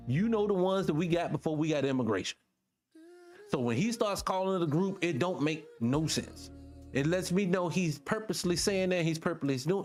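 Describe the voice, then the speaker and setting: A man hosting a morning talk show, giving blunt, profane commentary on clips he plays. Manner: emphatic, blunt, profane, swings up in pitch when making a point. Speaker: host. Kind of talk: casual commentary reacting to clips.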